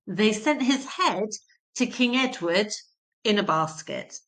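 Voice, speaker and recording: A woman's voice: medium pitch, lively intonation, slow pace, a bit bright. A woman teaching a history lesson, explaining terms simply and repeating key points for emphasis.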